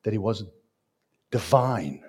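A man's voice: on the low side, animated, slow, a little mellow, breathy edge. A man preaching a sermon in an emphatic way, repeating phrases and asking his listeners questions.

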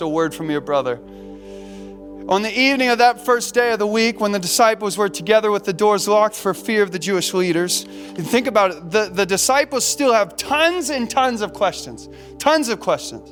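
High-voiced impassioned male pastor. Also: fairly bright tone. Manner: impassioned, repeats words, voices the disciples' despair. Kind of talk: sermon.

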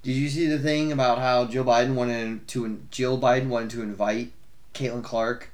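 A young adult man co-hosting a podcast, chatting casually about sports in a rambling, swearing, animated way. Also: medium pitch, moderate pace. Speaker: podcast co-host.

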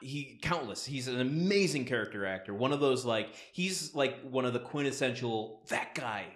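In an echoey room, a male podcast co-host with an expressive mid-range voice talks at normal speed, casually rambling through a story and laughing a lot.

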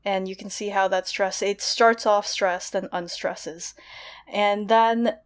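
A woman's voice: medium pitch, steady tone, slow, clear, resonant tone. A young woman in casual analytical talk, explaining poetry thoughtfully and often restarting with fillers like "you know" and "like". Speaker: podcast co-host discussing literature.

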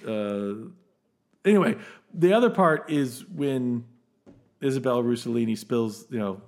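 Podcast host, male; eager, rambling, laughs easily, ordinary middle pitch. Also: unhurried. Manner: animated, enthusiastic, laughs often, many restarts. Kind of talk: casual film discussion.

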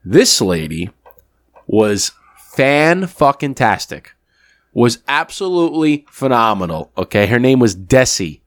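A man's voice: mid-range voice, slow pace, no echo. Dry-sounding man telling a story. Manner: animated storytelling, acting out both sides of a phone call. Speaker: podcast co-host. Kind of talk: casual chat.

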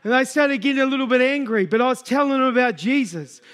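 A middle-aged man preaching a sermon, telling a story and acting out the dialogue before building to loud exhortation. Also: very high-pitched, quick pace.

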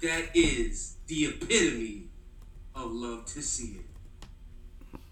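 Podcast co-host dude, bright sharp voice, hyped and emphatic. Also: male voice, mid-range voice, lively intonation, very slow, husky, low-quality recording. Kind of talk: casual podcast chat.

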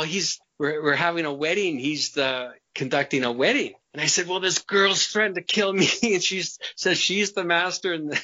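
Guy with a bright punchy voice, interview guest rambling thru a story, laughs a lot, kinda muffled audio. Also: medium pitch. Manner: rambling, repeats words, laughs between sentences. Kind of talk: casual storytelling.

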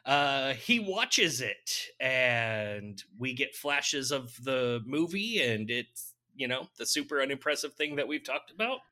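A man's voice: medium pitch, sing-song, slow pace, sharp tone. A man casually recapping a film's plot on a podcast, laughing often and cracking dry jokes. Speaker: podcast host recapping a film. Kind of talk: casual chat.

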